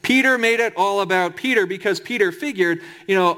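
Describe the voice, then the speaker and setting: High-voiced man preaching with humor. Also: brisk, pushed and bright. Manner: conversational and humorous, with emphatic asides. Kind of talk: sermon.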